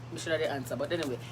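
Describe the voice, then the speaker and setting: A woman with a Jamaican accent hosting a live stream, chatting with viewers in a lively, laughing way and slipping into patois. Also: deep voice, a little hiss or hum. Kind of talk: casual live chat with viewers.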